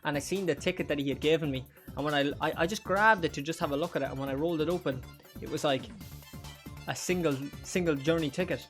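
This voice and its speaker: A man's voice: on the high side, fast talker, a bit bright, soft background music. A young man, streaming a game with crude jokes and frequent laughter. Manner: crude, joking, laughs often. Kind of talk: live gameplay commentary.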